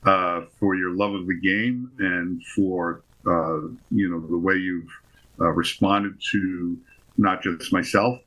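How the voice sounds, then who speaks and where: A man being interviewed as a guest actor, rambling through affectionate anecdotes in a relaxed chat. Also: sits low, takes it slowly, rough recording.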